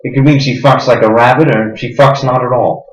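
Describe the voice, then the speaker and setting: A man's voice: mid-range voice, steady tone, brisk, natural voice. A man playing a sneering sadistic interrogator. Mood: menacing. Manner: menacing, sneering, lurching between hushed and loud. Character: smug, sadistic middle-aged male interrogator. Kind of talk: stage drama acting. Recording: roomy, dull lo-fi recording.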